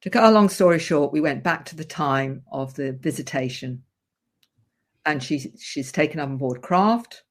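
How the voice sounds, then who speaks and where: A woman's voice: sits low, moderate pace. Earnest woman therapist telling a case story. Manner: earnest, vivid recounting. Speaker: guest therapist. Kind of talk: interview storytelling.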